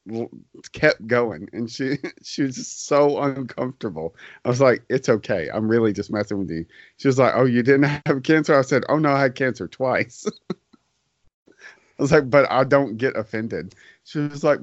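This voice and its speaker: A man co-hosting a podcast in casual chat, telling stories with laid-back, dark humor. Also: mid-range voice, dry recording, highs cut off. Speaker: podcast co-host.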